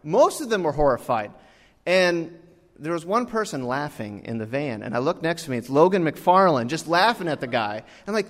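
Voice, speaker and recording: Animated male preacher in an echoing church. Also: a little high, a little fast. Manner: animated storytelling, acts out dialogue. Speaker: pastor. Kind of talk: sermon. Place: church sanctuary. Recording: long hall reverb.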